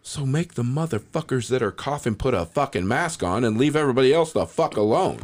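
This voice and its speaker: A man's voice: mid-range voice, fairly quick. A man hosting a casual chat, ranting and swearing freely. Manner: profane, ranting, animated. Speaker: podcast host.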